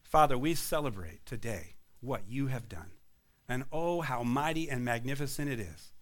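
A pastor leading an earnest closing prayer, then making announcements to the congregation in a church hall. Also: male voice, mid-range voice, normal speed. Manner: earnest, fervent praying.

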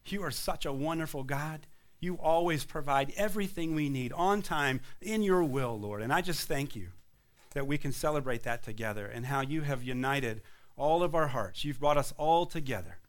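A man with a fairly high voice leads his congregation in a church hall. His prayer is earnest and fervent, and he speaks to the gathered people as their pastor. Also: expressive, moderate pace. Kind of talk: closing prayer and announcements.

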